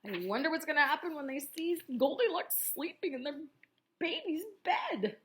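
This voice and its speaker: A woman reading a picture book aloud to children as a teacher, animated and full of chatty asides to her listeners. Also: high-pitched, normal speed.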